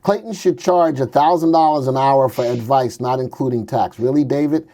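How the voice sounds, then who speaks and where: A man's voice: mid-range voice, moderate pace, dark tone. A man hosting a casual livestream on stocks, joking around and thinking aloud as he pulls up charts. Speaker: stock market show host. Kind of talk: casual livestream market commentary.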